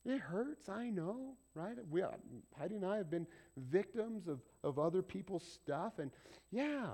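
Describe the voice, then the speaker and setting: A man preaching to his church with a fairly high voice. He talks to the congregation like a conversation, tossing them questions, then swings from loud, pressing lines to hushed near-whispers. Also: lively intonation, measured pace. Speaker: pastor. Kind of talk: sermon.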